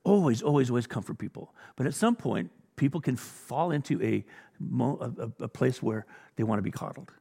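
A male pastor delivers a sermon with a gravelly edge to his voice. He speaks bluntly and exhorts his listeners, firing rhetorical questions and plain challenges at them. His words ring with the long reverb of a church hall. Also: medium pitch, expressive, normal speed, mellow.

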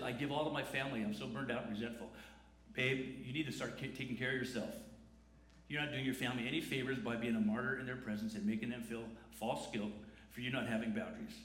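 A man's voice: medium pitch, a bit bright. Man, pastor, conversational sermon, rhetorical questions, reverberant sanctuary. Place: church sanctuary. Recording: echoey church room.

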